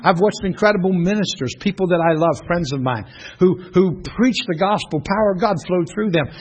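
A middle-aged man, a pastor teaching a class in a church room, telling stories in an animated way and often laughing. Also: high voice, fairly quick, slightly rough. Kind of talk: preaching to a class. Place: church classroom, streamed online.

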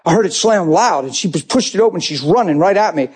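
A man telling an emotional sermon testimony, animated, storytelling and rising to shouts. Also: high voice, a little fast, husky. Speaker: preacher giving testimony.

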